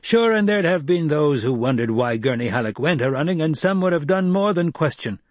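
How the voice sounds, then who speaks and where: Brief: gruff middle-aged warrior, raspy and loud, pitched above the male reader's own voice, dry audiobook sound. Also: lively intonation, a little fast, dry recording. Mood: hearty. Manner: loud, bellowing.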